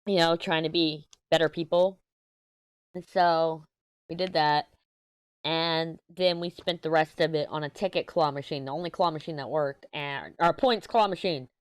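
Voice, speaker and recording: A woman's voice: low voice, normal speed, smooth, no room sound. Rambling woman in her thirties. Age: 30s. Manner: rambling storyteller, often corrects herself mid-sentence. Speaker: crafting channel host. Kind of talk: casual chat while diamond painting.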